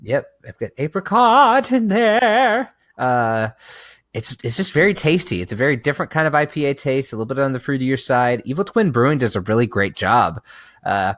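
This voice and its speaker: A young man hosting a laid-back sports podcast, talking with an excitable, casually profane energy. His voice leaps around a lot in pitch. The sound is dry and close. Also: a little fast, dry recording. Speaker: podcast co-host. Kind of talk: casual chat.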